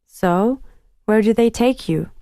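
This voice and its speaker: A woman's voice: medium pitch, slow, dark tone, no echo, studio quality, pitched above the performer's own voice. A woman voicing an eager, persistent teenage boy who keeps pushing with hopeful questions.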